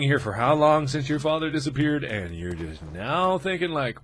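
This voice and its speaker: A young man in his twenties commentating a horror game, with jumpy, loud screaming outbursts and jokey asides. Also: mid-range voice, sing-song, a little slow, few pauses, a little hiss or hum. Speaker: let's play host.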